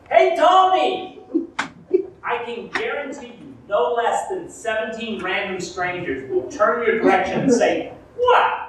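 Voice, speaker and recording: A man from rural Arkansas telling a comic story live in a theatre, animated and shouting out the lines he quotes. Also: sits high, slight background noise. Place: theatre stage. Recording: echoey theatre from far off.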